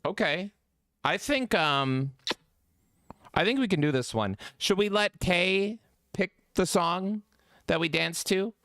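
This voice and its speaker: Podcast guy cohost, rowdy and swearing a lot, smooth clean voice. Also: high-pitched, lively intonation, takes it slowly, pauses often, fairly bright tone, no echo, clean studio sound. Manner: rowdy, profane, goofy. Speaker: podcast co-host. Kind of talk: casual gaming podcast chat.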